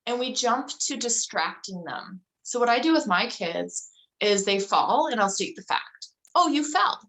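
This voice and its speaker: A woman's voice: mid-range voice, lively intonation, measured pace, fairly bright tone, poor audio. Chatty woman telling stories loosely. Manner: chatty, loose storytelling with frequent 'like' and 'um'. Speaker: guest. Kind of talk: casual conversational interview.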